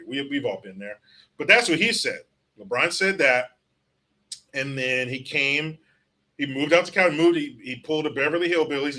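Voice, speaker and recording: A man's voice: medium pitch, pushed and bright. Profane, sarcastic man ranting. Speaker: political commentary show host. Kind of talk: livestream commentary reading chat comments.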